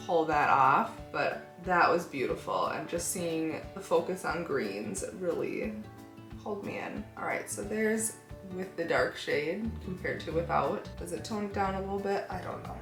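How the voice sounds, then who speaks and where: Woman, lowish voice, relaxed makeup vlog chatter, thinks aloud, echoey room. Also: unhurried. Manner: chatty, thinks aloud while working, hedging with "like" and "I don't know". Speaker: beauty vlogger. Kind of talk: casual makeup tutorial chat. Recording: echoey room with faint background music.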